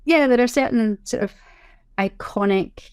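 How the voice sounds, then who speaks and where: A woman's voice: a little high, unhurried, darkish tone, smooth, no echo, clean studio sound. A middle-aged woman, a sign language interpreter, explaining things in casual interview chat. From Scotland. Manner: chatty, self-correcting, explanatory.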